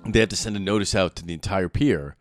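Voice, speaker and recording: A man's voice: sits low, quick pace, faint music behind. A man co-hosting a podcast in casual chat, rambling and profane and laughing often. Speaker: podcast co-host.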